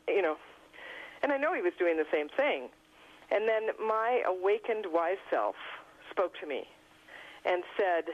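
A woman, an author guest on a radio interview, telling lively anecdotes and often laughing. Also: medium pitch, muffled recording. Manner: animated storyteller, laughs often.

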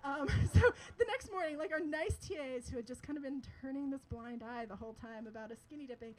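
Young woman w a high voice spilling a wild story, giggly, chatty, tons of likes. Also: brisk, darkish tone, rough recording. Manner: chatty, laughs often, lots of "like" fillers. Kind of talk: live personal storytelling.

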